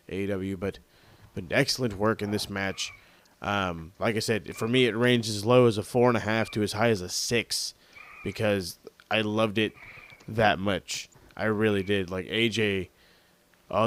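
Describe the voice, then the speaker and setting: A man's voice: on the low side, a bit bright. A man co-hosting a podcast, chatting casually and enthusiastically, swearing now and then. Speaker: podcast co-host. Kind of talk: casual wrestling review chat.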